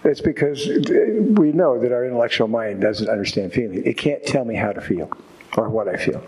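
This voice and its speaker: A man with a husky voice and a middle-pitched tone shares his story with a recovery group. He speaks openly and reflectively, with touches of wry humor. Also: expressive, normal speed, darkish tone, rough recording. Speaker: speaker sharing at a recovery meeting. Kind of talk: personal testimony to a group.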